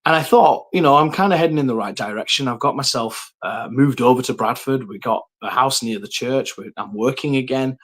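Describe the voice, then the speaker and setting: A man telling his personal faith story, earnest and reflective, with frequent pauses and ums. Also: mid-range voice, a bit bright.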